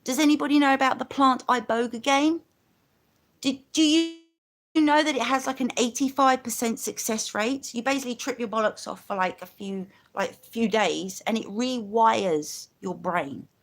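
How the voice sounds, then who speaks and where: A woman's voice: fairly high pitch, moderate pace. A woman from London with a London accent, talking in a rambling, chatty way on a casual live stream, full of asides.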